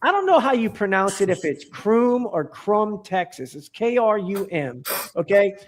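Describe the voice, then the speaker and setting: Man, high voice, casual podcast chat, enthusiastic, rambling, stop-start. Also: sing-song, normal speed, slight background noise. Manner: rambling, enthusiastic, many restarts and fillers. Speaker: podcast guest.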